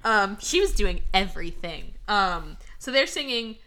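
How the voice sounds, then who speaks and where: A woman co-hosting a podcast in casual chat, animated and quick to laugh, swearing freely and acting out what others said. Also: mid-range voice. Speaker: podcast co-host.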